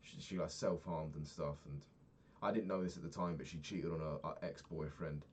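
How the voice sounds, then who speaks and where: A man's voice: very deep voice, fairly even intonation, moderate pace, a little hiss or hum. A young man talking through his day in a candid, rambling diary vlog, swearing freely. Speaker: vlogger.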